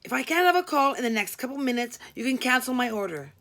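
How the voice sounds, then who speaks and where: A woman's voice: high voice, expressive, quick pace, a bit bright, pitched above the performer's own voice. A woman voicing an impatient male regular caller who drawls and makes clipped demands. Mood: pushy.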